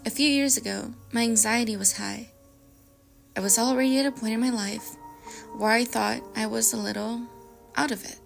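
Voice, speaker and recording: A young woman hosts a podcast, reading creepy stories aloud with dramatic pacing and hushed turns. Her voice sits fairly high with a gravelly fry. Soft music plays faintly behind her. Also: steady tone, moderate pace. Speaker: podcast host.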